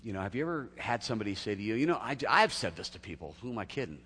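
A man preaching in a somewhat low voice, easygoing and chatty rather than formal. His voice carries a long reverb, as if the sound fills a large church hall. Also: big pitch swings, very fast, fairly bright tone, breathy edge. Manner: conversational preaching with acted quotes and laughs. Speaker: pastor. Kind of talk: sermon.

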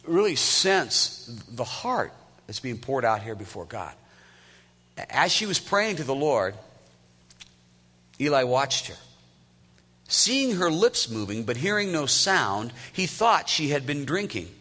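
A man in his fifties preaches a sermon as a pastor, talking in a conversational way and putting questions straight to the listeners. His voice is bright and forward. A long echo hangs behind him from a large hall. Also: mid-range voice, slightly rough. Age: 50s. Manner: conversational, asks the congregation direct questions. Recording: echoey hall.

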